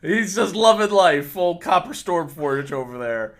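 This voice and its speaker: A man narrating as game master for a tabletop game on a livestream, quick and often laughing, with some stumbles. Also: high-pitched, lively intonation.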